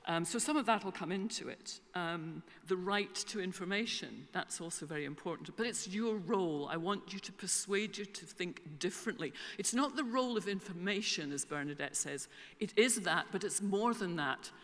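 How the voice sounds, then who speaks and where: A woman's voice: fairly low pitch, normal speed, fairly bright tone. Scottish woman in her sixties giving a keynote. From Scotland. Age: 60s. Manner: chatty, with humorous asides. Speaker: keynote speaker. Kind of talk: conference keynote speech. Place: concert hall conference centre. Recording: long reverb of a concert hall conference centre.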